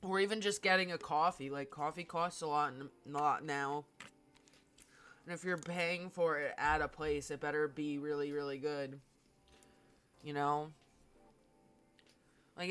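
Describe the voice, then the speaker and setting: A woman's voice: low voice, a little slow, a bit bright, smooth. A woman streamer chatting casually with her viewers while playing, in a talkative way with lots of fillers. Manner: chatty, filler-heavy, talks to chat.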